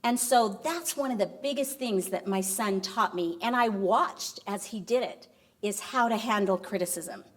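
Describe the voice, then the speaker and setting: A middle-aged woman giving a lecture, telling a story in an animated way and acting out the dialogue. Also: mid-range voice, moderate pace. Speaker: university vice president giving a lecture.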